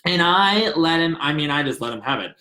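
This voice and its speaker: Young man from the South, confessional storytelling, slightly high voice, echoey room. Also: animated, fairly quick, pushed and bright. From American South. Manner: earnest, emotional, rambling confessional. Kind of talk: personal story, casual retelling.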